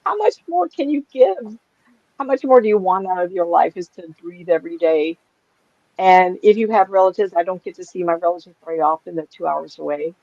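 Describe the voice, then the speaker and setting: A psychic medium in her sixties chats casually with a small group, rambling and laughing a lot. Her fairly low voice is a little mellow and brisk, and the recording is dull, lo-fi and dry with no room sound.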